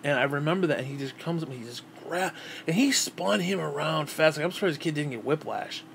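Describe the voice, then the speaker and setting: A man's voice: a little high, expressive, brisk, gravelly, noisy background. A man in his thirties telling a childhood memory in a casual, rambling way, cursing often and stumbling over repeated words. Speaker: vlogger. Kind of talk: casual storytelling.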